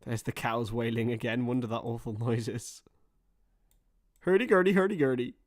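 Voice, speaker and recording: A young man hosting a live match watchalong, chatting casually and rambling between topics, with excited bursts of play-by-play. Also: medium pitch, fairly quick. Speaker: livestream host.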